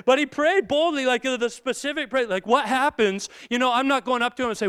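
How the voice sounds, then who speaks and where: A man's voice: extremely high pitch, a little fast, hardly any pauses, fairly bright tone, smooth, no echo. A man in his thirties, a pastor preaching a sermon in a chatty storytelling way, acting out prayers and family moments. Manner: conversational storytelling, acts out quoted prayers.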